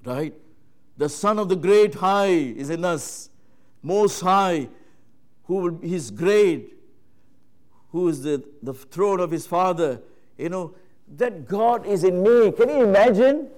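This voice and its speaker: Emphatic male preacher with a high voice, repeats himself, swings from loud to hushed. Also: animated, slow pace, long pauses. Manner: emphatic, swings between loud exclamations and hushed low passages; repeats phrases, addresses listeners as friends. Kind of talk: sermon.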